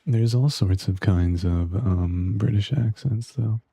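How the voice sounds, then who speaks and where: Gravelly, husky-voiced male streamer. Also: on the low side, slow pace, dark tone, no room sound. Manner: joking, bantering with chat, talks to self while gaming. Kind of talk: casual live-stream chat.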